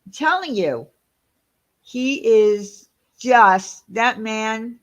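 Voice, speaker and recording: A woman hosting a channel in a casual livestream chat. She talks in an animated, indignant, gossipy way. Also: fairly high pitch, very slow. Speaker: channel host.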